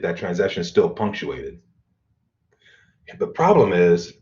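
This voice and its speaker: A middle-aged man teaching an online college class, explaining in a relaxed way with fillers and throat clearing. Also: lowish voice. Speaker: college instructor. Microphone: computer mic on video call. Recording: dull lo-fi video call audio.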